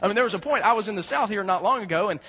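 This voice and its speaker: A man preaching a sermon as a pastor, folksy and joking, with animated storytelling. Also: sits high, very fast, slightly rough.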